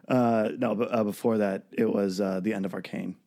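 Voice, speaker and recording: Deep mellow man, hesitant. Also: steady tone, normal speed. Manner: hesitant, rambling, many fillers. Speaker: podcast co-host. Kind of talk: casual chat.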